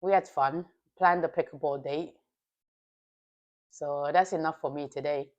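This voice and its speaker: Woman, lower register, a futures trader hosting her own stream, relaxed and profane with chat and self-coaching in her day's review. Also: unhurried. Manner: loose and profane, chatting with viewers. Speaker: futures trading livestreamer.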